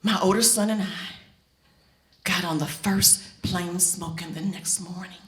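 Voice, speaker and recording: A middle-aged woman telling a personal story on stage before an audience, expressive and speaking straight to the listeners. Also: fairly low pitch, a little slow. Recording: echoey hall.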